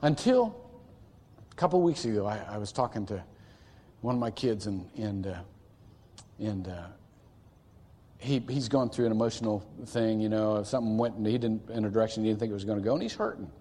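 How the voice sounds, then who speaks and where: A man's voice: fairly low pitch, animated, a little fast, long pauses, mellow. Man, pastor delivering a sermon; earnest, emphatic, repeats himself, set in a reverberant church hall. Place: church sanctuary.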